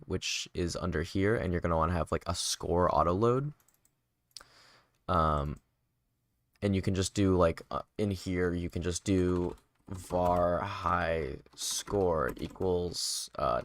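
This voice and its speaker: A man's voice: low voice, fairly bright tone, dry recording. A tired man livestreaming game development, casually chatting and answering viewer questions while he works. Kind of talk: casual livestream chat and coding explanation.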